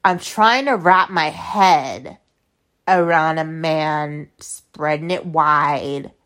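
A woman's voice: low voice, very slow, a bit bright. A woman hosting a podcast, telling a story in casual, blunt and profane talk full of fillers. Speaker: podcast host.

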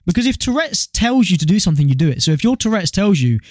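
Young male co-host, higher-pitched, crude animated storyteller, close dry mic. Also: fast talker, no room sound. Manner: swears freely, animated storytelling. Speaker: podcast co-host. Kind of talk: casual chat.

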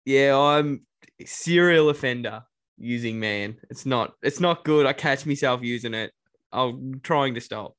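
A man's voice: medium pitch, measured pace, fairly bright tone, no room sound. Chill aussie guy on a podcast, mid voice, dead dry sound. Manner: easygoing, self-mocking. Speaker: podcast co-host. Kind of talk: casual chat.

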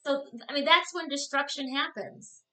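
A woman's voice: high voice, normal speed, pushed and bright. A woman co-hosting a casual political chat show, talking in a blunt, exasperated way and often restarting her sentences. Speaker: co-host.

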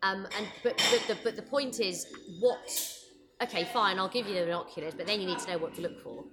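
A woman guest chatting over lunch in a restaurant, quick and self-deprecating, with many fillers. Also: medium pitch. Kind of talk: casual chat over lunch. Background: background music.

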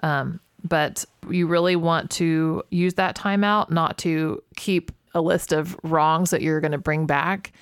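A woman with a low voice co-teaches a communication method on a podcast. She talks in a calm, affirming way, often agreeing with her co-host. The sound is dry and close. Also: slow, few pauses, clear, resonant tone, no room sound. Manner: calm, affirming, many mm-hmms.

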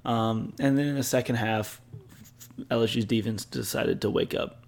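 Young co-host, gravelly voice, teasing and laid-back. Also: male voice, medium pitch, fairly even intonation, moderate pace. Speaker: podcast co-host. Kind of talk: casual sports chat.

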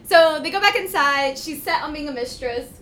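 A woman's voice: high voice, moderate pace, slight background noise. A young adult woman co-hosting a podcast, chatting casually and giggling as she retells a book. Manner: giggly, animated storytelling. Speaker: podcast co-host. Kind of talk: casual chat about a book.

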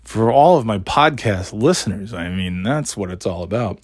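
A middle-aged man hosts a casual solo podcast, rambling, joking at his own expense and swearing casually, his throat still scratchy from being sick. His lowish voice is husky and expressive at a normal speed. The studio sound is clean, with no echo.

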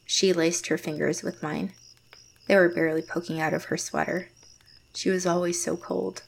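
An actress playing a closed-off, reserved young woman, narrating her story in first person in a quiet, measured way. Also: fairly low pitch, little pitch movement, creaky, a little hiss or hum. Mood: guarded. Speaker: narrator and lead character.

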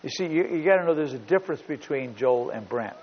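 A man's voice: fairly high pitch, expressive, fairly quick. A middle-aged man preaching a sermon as pastor, telling stories emphatically and repeating points. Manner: storytelling, emphatic, repeats himself. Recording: dull recording in a big reverberant hall.

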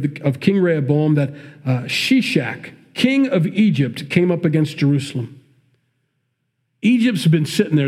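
A pastor with a Midwestern accent and a mellow voice on the high side delivers a sermon. He reads scripture, then breaks off into conversational, emphatic commentary.

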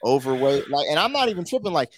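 Slightly high and sing-song, the host's voice moves fast, recorded in a clean studio with no room sound. He runs a podcast in easygoing, slangy talk, full of "like" and "you know."

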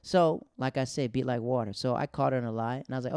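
A man tells stories in a loose, chatty comedic way, with plenty of "like" fillers. His voice is gravelly and sits mid-pitched for a man. It is recorded dry, with no room sound. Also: fairly even intonation, fast talker, a little mellow, no room sound. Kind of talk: casual comedic storytelling.

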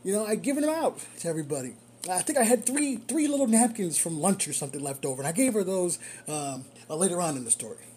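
A man, a rideshare driver, tells a story from his shift in a loose, casual way. He is animated and breaks into chuckles often, and his voice has a mellow, warm tone. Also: high-pitched, slight background noise.

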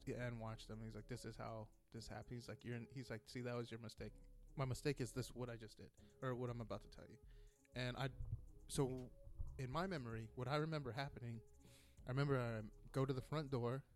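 Profane, rambling man telling a story. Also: mid-range voice. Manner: profane, rambling, animated retelling with quoted dialogue. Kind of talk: casual storytelling.

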